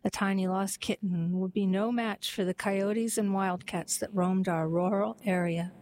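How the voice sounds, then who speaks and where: A woman narrating a heartwarming story and then reading a poem aloud in a gentle, even storytelling manner. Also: medium pitch, a little slow, a little hiss or hum, low-quality recording.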